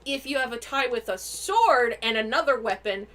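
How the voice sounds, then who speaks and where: Excitable high-voiced woman on a stream. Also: moderate pace. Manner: excitable, laughing, swears freely. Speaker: game player recounting a session on a stream. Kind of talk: casual stream chat.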